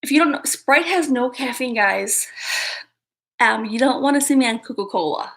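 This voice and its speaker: A woman with a highish voice, lively intonation, and a moderate pace chats casually on her livestream. She talks right to her viewers, hyper and amused with herself, frequently laughing at her own comments.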